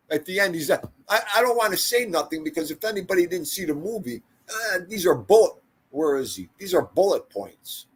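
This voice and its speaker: A man's voice: sits high, expressive, brisk, husky. An older man hosting a casual livestream, rambling through stories and talking to viewers in the chat by name. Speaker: livestream host.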